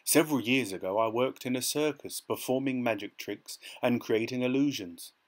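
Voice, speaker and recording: A man voicing an old male wizard, booming at first and then sheepishly explaining himself. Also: moderate pace, close to an everyday voice. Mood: apologetic.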